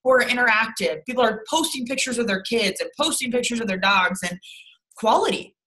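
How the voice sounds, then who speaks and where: A woman's voice: a little high, a little fast, sharp tone, low-quality recording. A young woman leading her sales team over a video call, blunt and rambling, with lots of swearing and fillers.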